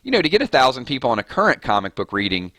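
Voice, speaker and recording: A man hosting a casual gaming live stream, chatting loosely with viewers and giving shout-outs, his voice a little hoarse. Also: mid-range voice, wildly swooping pitch, racing, no echo. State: slightly hoarse. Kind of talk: casual live-stream chat over gameplay.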